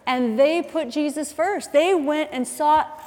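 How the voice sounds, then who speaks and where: A middle-aged woman delivers a sermon in a somewhat high voice, chatty and animated, full of asides and self-corrections. Her voice carries the long reverb of a large church hall. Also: slow. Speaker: preacher. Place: church auditorium.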